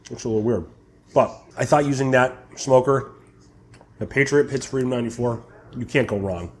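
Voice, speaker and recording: A young man hosting his barbecue channel, chatting casually while tasting brisket and sometimes talking with his mouth full. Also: medium pitch, a little mellow, slight background noise. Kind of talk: casual cooking vlog, tasting and reviewing.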